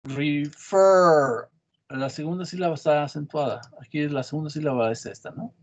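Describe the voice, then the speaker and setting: A man leads an English class, repeating each word slowly to show where the stress falls. He slips back and forth between English and as he explains. His voice sits a little higher than most men's. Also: darkish tone, highs cut off. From Mexico. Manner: switches between English and Spanish, repeats words to model stress. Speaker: English teacher. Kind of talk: classroom lesson.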